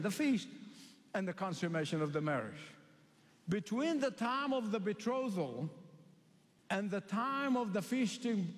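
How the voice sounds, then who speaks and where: A man from the Middle East preaching a sermon, emphatic and repetitive, stretching key phrases slowly. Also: sits high, big-room sound.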